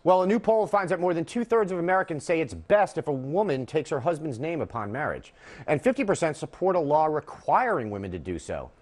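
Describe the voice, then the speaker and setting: A man's voice: a little high, big pitch swings, fairly quick, a little mellow. Sarcastic man hosting a late-night panel. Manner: sarcastic, jokey. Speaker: talk show host. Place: television studio.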